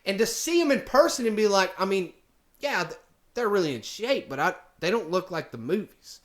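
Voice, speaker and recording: A man's voice: high voice, very animated, moderate pace. A man casually telling a story, rambling with many fillers and restarts. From United States. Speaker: vlogger.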